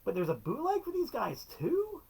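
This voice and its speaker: A man's voice: very high-pitched, huge pitch swings, moderate pace, vocal fry, warm tone, husky. A middle-aged man hosting a casual solo show, telling stories in an enthusiastic, wry way with playful quotes. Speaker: show host and record collector.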